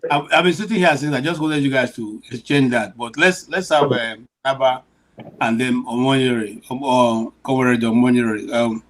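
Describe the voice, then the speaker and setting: A man hosting an online talk show, easygoing and hesitant, filling pauses. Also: medium pitch, poor audio. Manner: easygoing, hesitant, many fillers. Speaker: host.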